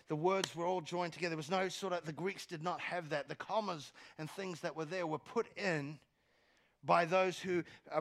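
A man preaches from a church stage in a slightly raised, gravelly voice. He shifts between quiet asides and loud, rising exhortation, and stumbles over repeated words as he starts a phrase. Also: fairly high pitch. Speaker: pastor. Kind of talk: sermon.

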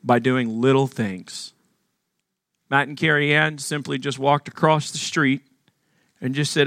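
A man's voice: medium pitch, normal speed, vocal fry, fairly bright tone, dry recording, studio quality. A man from Arkansas preaching a sermon as pastor, earnest and emphatic, asking the congregation questions.

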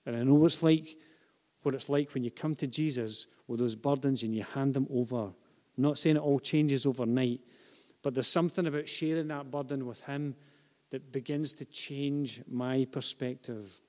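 A man preaching a sermon to a congregation, swinging from hushed, intimate phrases to loud, repeated emphasis. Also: medium pitch, fairly even intonation, normal speed. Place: church hall with a live and online congregation. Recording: long reverb of a large hall.

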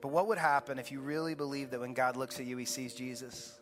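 A man preaching a sermon as pastor to a congregation, emphatic, swinging from urgent high peaks to low quiet lines. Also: steady tone, fast talker, long reverb tail, faint music behind. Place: large church auditorium.

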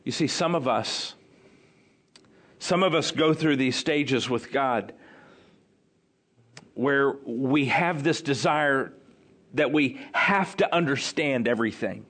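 A man's voice: mid-range voice, slow pace, long pauses, a bit bright. A man preaching an expository sermon in a conversational way, repeating key phrases for emphasis.

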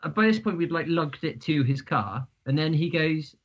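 A man co-hosting a casual podcast, telling an anecdote in an animated way, laughing and swearing casually. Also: a little high, moderate pace, few pauses. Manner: animated storyteller who laughs at his own story, swears casually. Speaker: podcast co-host. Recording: slightly dull audio with faint hiss.

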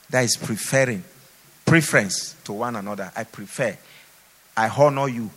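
A man's voice: mid-range voice, moderate pace, slightly rough. Man preaching in an echoing hall. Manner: emphatic, repetitive exhortation. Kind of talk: sermon. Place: church hall. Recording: long hall reverb.

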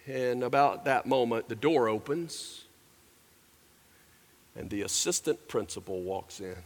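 Guy preaching a sermon, storytelling to the crowd, bright voice, big echoey room. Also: high-pitched. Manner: storytelling, talks straight to the congregation. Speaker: pastor. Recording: echoey large hall.

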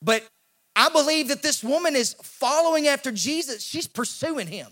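A male pastor, preaching a sermon in an animated way and acting out the voices in the story. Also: very high-pitched, normal speed. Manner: animated, acts out quoted voices, repeats words when he restarts.

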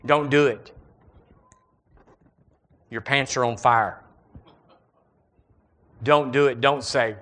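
A male pastor, preaching an animated sermon and calling on the congregation to repeat lines after him. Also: mid-range voice, takes it slowly, pauses often.

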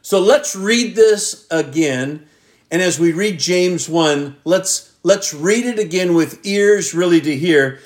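A man preaching a sermon as pastor, reading scripture aloud and stretching key words out with long pauses for emphasis. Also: high voice. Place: church.

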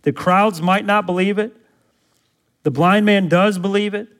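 A man's voice: high-pitched, fairly even intonation, a little slow, a bit bright. A male pastor preaching a sermon, emphatic, often quizzing the congregation with fill-in-the-blank questions and repeating words to press his points.

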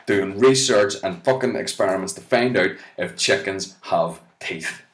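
A man's voice: low-pitched, measured pace, reverberant. A man voicing clueless male researchers asking for money in a whiny, insistent way. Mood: mocking.

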